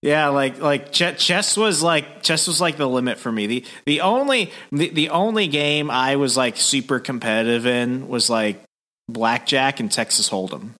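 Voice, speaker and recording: A man's voice: medium pitch, normal speed. A man co-hosting a podcast in casual chat, full of jokey asides. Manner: animated, bright voice, jokey asides with frequent "like" fillers. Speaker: podcast co-host.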